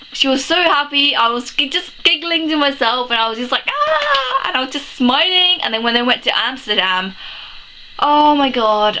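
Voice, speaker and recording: Sharp in tone and fairly high in pitch, a young woman reviews a film in a casual vlog, still sniffly from crying. The poor audio carries slight background noise, and she gushes and rambles with many exclamations and laughs.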